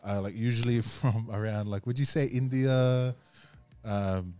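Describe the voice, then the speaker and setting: A man's voice: medium pitch, steady tone, unhurried, warm tone, clean tone, faint music behind. A man hosting a podcast, talking casually with many fillers and restarts. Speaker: podcast host. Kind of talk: casual chat.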